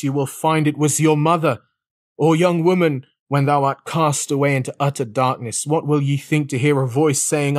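A man's voice: on the high side, dry recording, studio quality. A man reading an old sermon aloud in a solemn, dramatic preaching manner. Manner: solemn, dramatic, shifting pace. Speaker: sermon reader.

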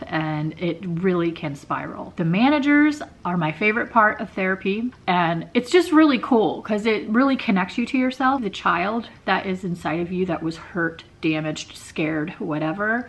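A woman's voice: on the low side, a bit bright. Candid woman vlogger talking to camera. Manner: candid and conversational. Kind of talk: personal talk to camera.

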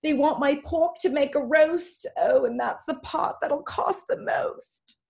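A woman's voice: sits high, a little slow, gravelly, darkish tone, pitched above the performer's own voice. A woman voicing a clever, brooding male pig in a put-on British accent, reading a poem aloud dramatically over a video call. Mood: horrified. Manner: dramatic, rising storybook delivery.

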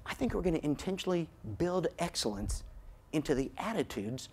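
A middle-aged man delivers a storytelling keynote as a motivational speaker, his voice husky and on the high side. He's animated, slowing down for dramatic effect.

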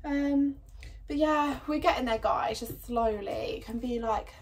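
A woman's voice: sits high, a little slow. A young woman casually vlogging her home renovation, chatty and full of "um" and "like". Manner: chatty, lots of "um" and "like". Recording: noisy home video.

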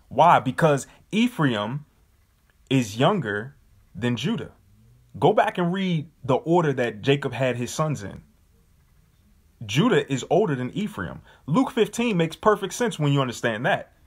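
A man's voice: medium pitch, slightly rough. A man leading a Bible study, speaking emphatically and casually and often asking his listeners whether they understand. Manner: emphatic, casual, with repeated rhetorical questions.

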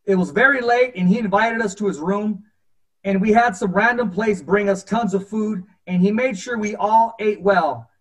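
Male podcast host, high voice, animated anecdote style. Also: normal speed. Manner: animated, acts out quotes. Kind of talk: storytelling in casual interview.

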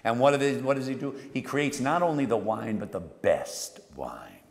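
A man preaching a homily as a priest, telling the story dramatically and moving between hushed and emphatic delivery. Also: medium pitch, lively intonation, normal speed, gravelly. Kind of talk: sermon. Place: church. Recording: long church reverb.

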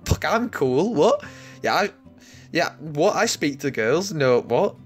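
A man's voice: fairly high pitch, big pitch swings, takes it slowly, faint music behind. A young man giving sarcastic, mock-outraged comedy commentary, swearing often.

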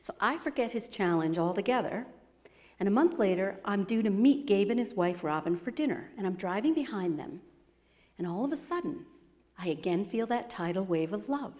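A woman giving a storytelling talk to an audience, animated and acting out the voices of the people she quotes. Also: medium pitch, moderate pace. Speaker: speaker presenting her book. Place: expo presentation hall. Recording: long hall reverb.

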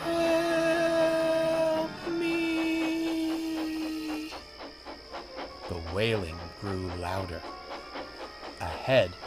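A man narrating a read-aloud story in a measured, expressive way. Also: lowish voice. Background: music.

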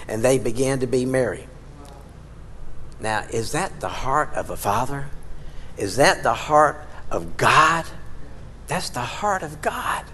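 A man's voice: medium pitch, expressive, takes it slowly, long pauses, bright, forceful tone, slight background noise. A male pastor preaching a sermon in a church, shifting from casual talk to dramatic emphasis. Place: church sanctuary. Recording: long reverb in a large hall.

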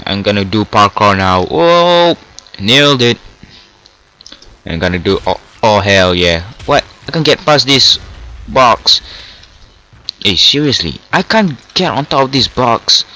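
A young man with a Singaporean accent giving live commentary over his own gameplay, breaking into excited yelps at kills. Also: lowish voice, rough recording. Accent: Singaporean English.

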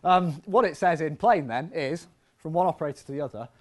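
This is a male physics professor with a somewhat high voice, talking a little fast. He's giving a conversational, energetic public science lecture in a hall and drops in self-deprecating remarks.

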